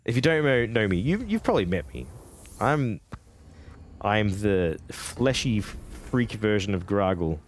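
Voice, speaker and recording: A man's voice: on the low side, very animated, measured pace. An Australian man streaming a game, chatting casually with viewers, rambling, laughing often and swearing freely. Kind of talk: casual live-stream chat while gaming.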